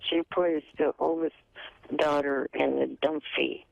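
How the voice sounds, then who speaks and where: A man as a radio guest, giving curt, defensive answers in a gravelly voice. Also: fairly high pitch, steady tone, unhurried, dull audio. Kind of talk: radio interview.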